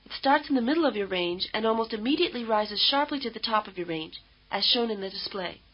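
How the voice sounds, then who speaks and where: A woman instructor giving measured, patient, scripted explanations in a language lesson. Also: fairly high pitch, expressive, breathy edge. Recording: dull lo-fi old course tape.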